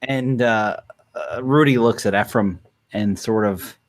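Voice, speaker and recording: Relaxed male player thinking aloud at a game table. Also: fairly low pitch, measured pace. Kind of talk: casual chat at a game table.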